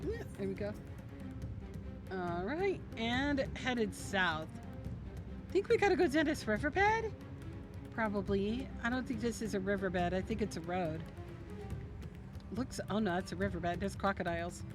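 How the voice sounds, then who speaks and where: A young woman streams a game and talks to her chat in a chatty, earnest way. Her voice sits at an ordinary mid pitch, with faint game music under her. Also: lively intonation, unhurried, long pauses. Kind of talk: casual live-stream chat.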